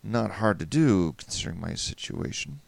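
A man narrating a first-person story in a wry, measured way. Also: lowish voice, expressive, creaky, no room sound.

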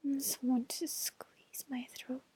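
A young woman murmurs through a whispered role-play in a high, airy voice, letting each phrase stretch out with unhurried slowness. Soft sighs fill the pauses, and there is a slight morning roughness to her tone. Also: little pitch movement. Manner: breathy and slow, with frequent sighs. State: slightly rough voice, just woke up.

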